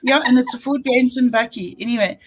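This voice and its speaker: A woman's voice: fairly high pitch, a little fast. A middle-aged woman with a South African accent, chatting casually and rambling through an everyday story, acting out what people said. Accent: South African English. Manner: rambling storyteller, acts out quotes. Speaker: co-host. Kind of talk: casual chat.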